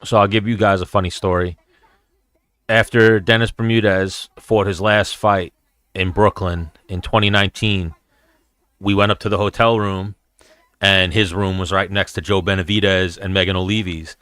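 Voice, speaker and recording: A man's voice: deep voice, level tone, moderate pace, a bit bright, smooth, dry recording. A man hosting his show, chatting casually and profanely as he reacts and tells stories. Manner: profane, storytelling. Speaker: show host.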